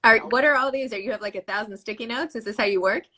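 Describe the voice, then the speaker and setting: A woman's voice: fairly high pitch, very fast, pushed and bright. A woman in her forties hosting an interview from her desk over a video call, chatty and effusive, laughing often. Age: 40s. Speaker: podcast host. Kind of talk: casual interview chat. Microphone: home desk setup on a video call.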